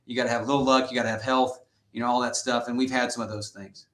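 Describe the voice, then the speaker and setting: A middle-aged man, a high school football head coach, telling stories in an interview in an earnest, lively way and acting out the quotes he tells. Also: quick pace. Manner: earnest, animated storyteller who acts out quotes. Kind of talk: interview guest storytelling. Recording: roomy echoey sound.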